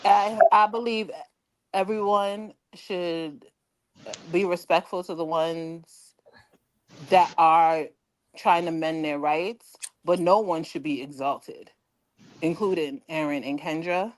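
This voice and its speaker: Woman with a low voice calling in, measured, lots of "like, you know". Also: fairly even intonation, low-quality recording. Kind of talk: casual call-in chat.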